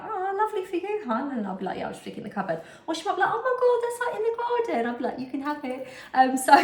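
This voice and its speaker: A woman, chatting casually in a vlog as she shows off a haul, rambling with lots of asides and fillers. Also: mid-range voice. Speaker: vlogger. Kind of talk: casual chat showing a haul. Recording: roomy echo.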